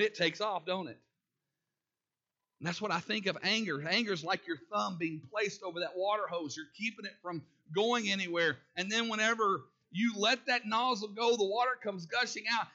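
A man's voice: high voice, pushed and bright, lo-fi sound. A man preaching a sermon in a folksy way, asking the congregation questions and laughing at his own jokes. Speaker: pastor.

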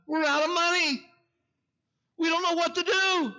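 A preacher acting out a broke young woman in tears, her voice climbing high and wavering as she pleads. It sounds distant and thin, recorded in dull, muffled lo-fi. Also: fairly even intonation, measured pace, sharp tone, heavily acted. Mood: tearful. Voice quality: high-pitched, tearful.

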